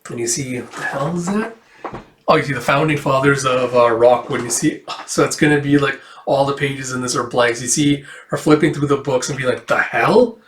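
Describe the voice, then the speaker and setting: A man's voice: medium pitch, steady tone, fairly quick, hardly any pauses, a bit bright, echoey room. A man casually retelling a comic book, rambling loosely and packed with fillers. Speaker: comic book reader and reviewer. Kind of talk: casual comic read-through.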